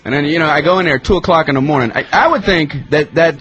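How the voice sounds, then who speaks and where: A man telling a comic story as a radio guest, often jumping into loud, high-pitched put-on voices. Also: fast, muffled recording. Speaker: comedian guest. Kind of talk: storytelling comedy bit.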